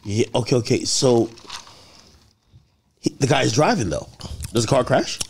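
A man's voice: medium pitch, measured pace, creaky, a little hiss or hum. A man hosting an interview who asks blunt, curious questions. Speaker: host.

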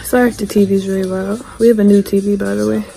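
A young woman vlogging at home after surgery, tired and sore-throated, talking quietly and with effort. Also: mid-range voice, little pitch movement, quick pace, vocal fry, faint music behind. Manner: quiet, weary, talks with effort. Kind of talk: casual phone vlog. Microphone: phone camera.

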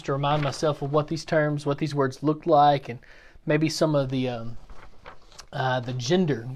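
A man teaching a Bible class in a relaxed, explanatory way, with plenty of fillers and restarts. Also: fairly high pitch. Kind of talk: casual teaching talk. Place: church classroom.

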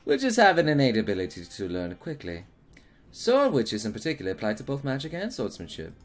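Brief: earnest young sword-witch woman from a fantasy game, read by a man, low and measured, pitch moving a lot. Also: wildly swooping pitch. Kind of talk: reading game dialogue aloud.

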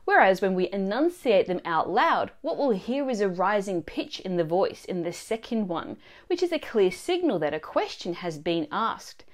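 A woman narrating a scripted language lesson in a clear, expressive teaching manner. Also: medium pitch, moderate pace, hardly any pauses. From Australia.

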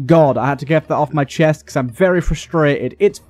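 A lively man from the UK, fairly high-pitched for a man, talking over his game in a chatty let's-play style. He grumbles and swears freely, his voice jumping around a lot. Faint game music plays behind him. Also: quick pace, hardly any pauses, no echo. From United Kingdom. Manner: animated, complaining, sweary. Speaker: gaming YouTuber. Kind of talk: casual let's-play commentary.

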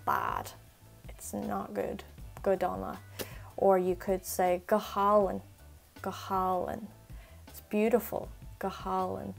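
Woman language tutor, casual and chatty, slight gravel in the voice, faint music underneath. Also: mid-range voice, a little mellow. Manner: quick, chatty explanations with slow, repeated example phrases. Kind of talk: casual spoken language lesson.

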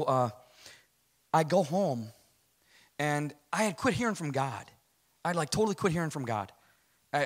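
A man telling his personal testimony to a church audience, speaking emphatically in a loose, conversational way and checking in with "right?". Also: a little high. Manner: animated, emphatic, conversational, keeps asking "right?".

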